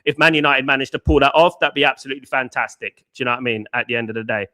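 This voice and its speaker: A man's voice: medium pitch, very fast, sharp tone. A man hosting a live fan show, answering chat in casual slangy banter and firing off combative rhetorical questions. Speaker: host.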